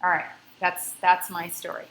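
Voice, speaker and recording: A woman's voice: on the low side, completely flat delivery, moderate pace, fairly bright tone, a little hiss or hum. Scuba instructor woman in echoey room. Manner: conversational, emphatic about safety. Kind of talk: lecture with personal story.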